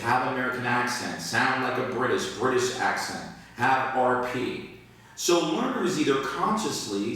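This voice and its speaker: Slow, deliberate man teaching in an echoey room. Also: mid-range voice, fairly bright tone. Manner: slow, deliberate, with emphatic pauses. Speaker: English teacher. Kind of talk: talking-head lesson on accent. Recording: echoey room, mic far off.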